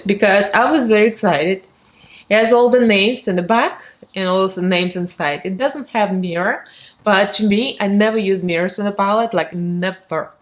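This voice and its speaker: A woman with a Russian accent, a beauty vlogger in her thirties, chatting candidly to camera, laughing often and acting out what people said to her. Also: medium pitch. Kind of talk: casual chat to camera.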